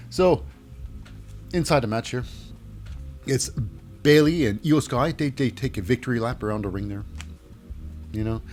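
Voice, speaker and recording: A man casually recapping a wrestling show, rambling with many fillers and self-corrections. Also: mid-range voice. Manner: rambling, filler-heavy, animated.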